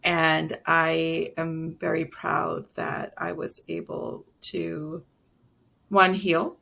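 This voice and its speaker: A woman in her late forties speaking as an interview guest, her voice low and heavily gravelly with vocal fry. She talks candidly and reflectively, circling back with fillers and restarts as she recounts her past. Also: level tone, drawn-out words, bright, forceful tone, slight background noise. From Brooklyn and South Carolina. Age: late 40s. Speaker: guest chef and entrepreneur. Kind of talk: casual interview storytelling.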